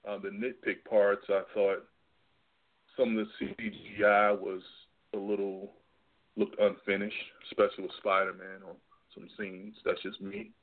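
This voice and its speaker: A man's voice: lowish voice, unhurried, gravelly. A man calling in to a radio talk show, teasing the hosts in a joking way. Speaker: caller. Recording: phone line.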